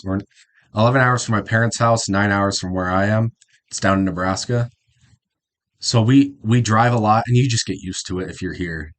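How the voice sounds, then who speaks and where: Young Midwestern man chatting casually. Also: fairly low pitch. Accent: Midwestern American. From South Dakota, US Midwest. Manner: rambling, informal, self-correcting. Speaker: reaction video host. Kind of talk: casual commentary.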